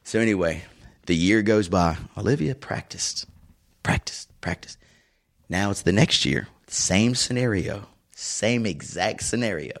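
Deep-voiced middle-aged man telling stories. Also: expressive, measured pace. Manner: rambling, warm storyteller with restarts and asides. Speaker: podcast co-host. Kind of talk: casual chat, personal storytelling.

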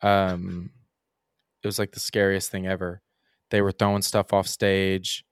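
Speaking a little slowly, a young musician from Kentucky rambles through stories as a podcast guest, leaning on "um" and "like" fillers. The close, dry mic has no echo and catches a low-pitched, level, clear and resonant voice.

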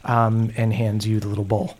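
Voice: medium pitch, level tone, moderate pace, a little mellow. A game master narrating a tabletop game, playful and full of ums. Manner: lots of ums, playful, laughs easily.

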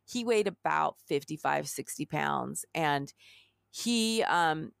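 A middle-aged woman co-hosting a podcast, chatting casually and telling an animated story while acting out the quotes. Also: deep voice, slow, gravelly, clean tone, dry recording, clean studio sound. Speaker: podcast co-host. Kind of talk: casual chat.

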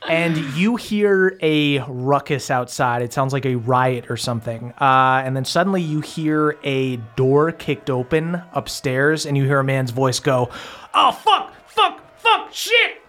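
A man's voice: mid-range voice, measured pace, few pauses, a bit bright. A man running a tabletop game as game master, narrating casually with frequent fillers and swearing.

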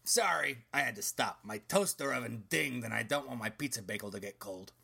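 Gravelly, rambling comic detective narrator. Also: mid-range voice, a little fast. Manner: rambling, deadpan asides. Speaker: comic storyteller.

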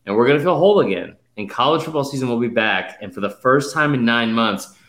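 A man's voice: medium pitch, expressive, fast talker, a bit bright, roomy sound, low-quality recording. A man co-hosting a casual sports podcast, rambling and swearing through a mock-emotional speech. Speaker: podcast co-host. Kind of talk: casual sports betting chat.

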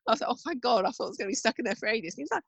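A woman, co-hosting a casual chat, expressive and quick to laugh. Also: a little high, gravelly, slightly rough, no echo, highs cut off. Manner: expressive, laughs easily, playful voices in anecdotes. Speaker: podcast co-host.

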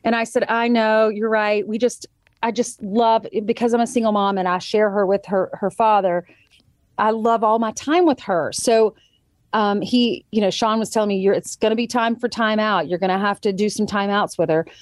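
A woman's voice: mid-range voice, steady tone, normal speed, no room sound, clean studio sound. A woman in her thirties chatting as a guest and telling a parenting story, quoting others vividly as she goes. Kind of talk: casual chat.

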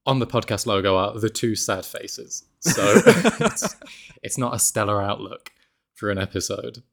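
A man's voice: on the low side, steady tone, normal speed, vocal fry, a bit bright. A man hosting a podcast in casual chat, laughing often and poking fun at himself. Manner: laughs often, self-deprecating. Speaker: podcast host. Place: apartment in Mexico.

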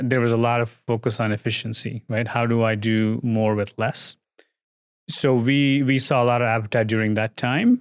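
Male industry guest, middle pitch, thoughtful and halting, dry close recording. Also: clean tone, no room sound. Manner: thoughtful, hedging, frequent fillers and restarts. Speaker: guest, oil industry executive. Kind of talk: business interview conversation.

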